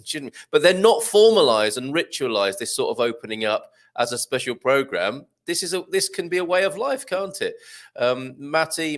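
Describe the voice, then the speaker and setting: A man's voice: mid-range voice, fairly bright tone. A man hosting a live chat show, reading out viewer comments in a jokey, chatty way. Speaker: host.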